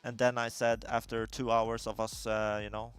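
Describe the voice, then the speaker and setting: A man's voice: mid-range voice, level tone, normal speed, clean tone, faint music behind. A man chatting casually on a livestream, telling a rambling story with many fillers. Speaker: raider on a livestream. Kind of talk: casual chat.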